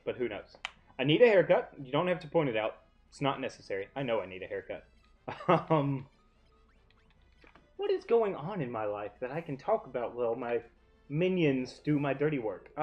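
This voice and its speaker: A chatty young man narrates his game from his living room, often turned away from a mic set off to one side. His voice is lively and swoops around as he rambles through asides. The sound is a little dull and lo-fi, with faint music underneath. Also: medium pitch. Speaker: let's play host. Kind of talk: casual gaming commentary. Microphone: desk mic off to one side, often facing away.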